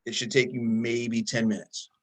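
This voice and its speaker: A man's voice: mid-range voice, level tone, normal speed, rough recording. Man coaching in short directives. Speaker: coach and host. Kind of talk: casual video interview.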